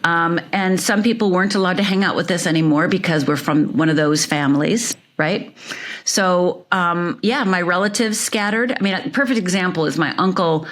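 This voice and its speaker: A woman's voice: lowish voice, moderate pace, a bit bright. A woman from Upper Michigan telling her life story as an interview guest, vivid and emphatic, repeating phrases for effect.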